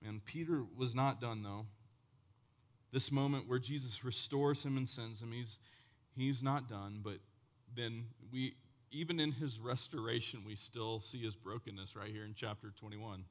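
A man preaching a sermon as pastor, with impassioned swings from loud exclamations to hushed, solemn passages and casual conversational asides. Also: medium pitch, unhurried.

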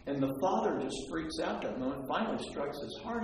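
A man preaching a sermon, telling a story with lively energy and acting out the quotes in different voices. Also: on the high side, fairly quick, few pauses. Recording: echoey hall from far off.

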